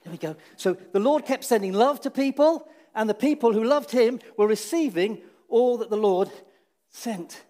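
A man with a slightly raised voice leads a children's talk in a church hall. He tells the story with restarts and hesitations, lifts his voice for dramatic moments and sinks low and quiet for the solemn ones. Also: lively intonation, normal speed. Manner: storytelling with many restarts, dramatic rises and hushed drops. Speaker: preacher.

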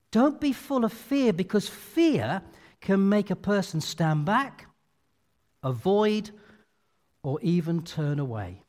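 A man preaching a sermon in an animated, expressive storytelling manner. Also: fairly high pitch. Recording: long reverb of a large hall.

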